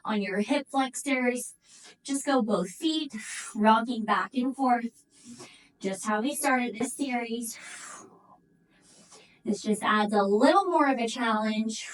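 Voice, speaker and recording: Breathless, high-voiced woman coaching pilates. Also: far from the mic, poor audio. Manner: encouraging, counts reps aloud. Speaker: pilates instructor. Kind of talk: guided workout instruction.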